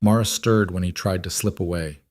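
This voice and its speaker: A man narrating a scripted story in a measured, gentle way. His voice is on the low side, recorded close and dry with no room sound. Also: steady tone, no room sound.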